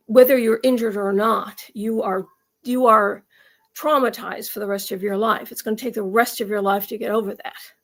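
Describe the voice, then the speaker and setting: A woman from the United States delivering a rambling, emphatic opinion monologue with frequent restarts. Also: fairly high pitch. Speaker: commentary vlogger.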